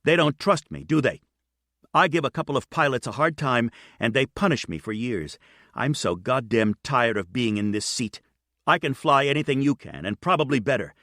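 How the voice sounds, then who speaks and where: A man voicing an angry, resentful young male copilot who shouts in a harsh, impatient way. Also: mid-range voice, animated, normal speed, no echo, studio quality, pitched above the performer's own voice, lightly acted. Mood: furious.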